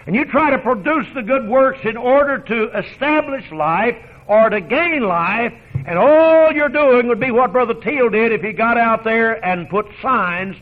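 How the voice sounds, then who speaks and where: A man's voice: sits high, phone-quality sound. A man preaching a folksy sermon, joking and laughing often as he tells homespun stories.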